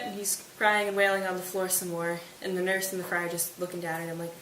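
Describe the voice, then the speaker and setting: A woman's voice: mid-range voice, little pitch movement, a bit bright. Young woman, student presenter, casual retelling, distant mic, light hiss. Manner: breezy, slangy retelling with quick quoted asides. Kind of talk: casual study summary of a play. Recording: echoey room, off-mic, faint hiss.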